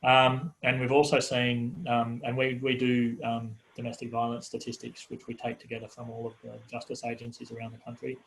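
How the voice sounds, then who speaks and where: A man's voice: mid-range voice, completely flat delivery, a little fast, gravelly, few pauses, fairly bright tone, slight background noise, rough recording. A man giving a hesitant, filler-heavy answer as a panel speaker in a webinar. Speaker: panel speaker on population data.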